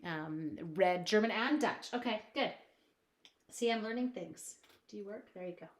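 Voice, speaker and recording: A woman's voice: mid-range voice, lively intonation, moderate pace. A woman chatting casually while demonstrating crafts at her home desk on a live stream, reading out viewers' comments and talking to her supplies.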